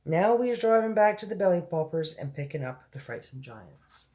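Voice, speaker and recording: A woman's voice: lowish voice, expressive, moderate pace, dark tone, voice pushed up, natural voice. A woman doing a big friendly giant with mangled grammar. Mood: earnest. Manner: folksy, ungrammatical.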